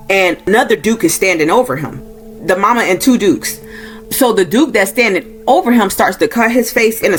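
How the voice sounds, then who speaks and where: A woman giving a casual, informal movie review, talking loosely and acting out characters' lines in a raised voice. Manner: informal, uses y'all, acts out quoted lines with rising pitch. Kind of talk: casual plot recap and review.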